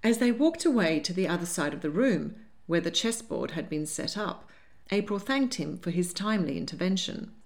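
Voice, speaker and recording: A woman narrating an audiobook in a lively, expressive manner. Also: fairly low pitch, moderate pace. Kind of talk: scripted narration.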